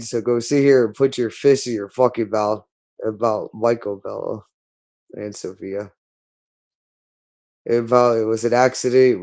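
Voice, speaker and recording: A man's voice: on the low side, warm tone. A man speaking in a hostile, repetitive monologue, berating someone and swearing constantly. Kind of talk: angry monologue.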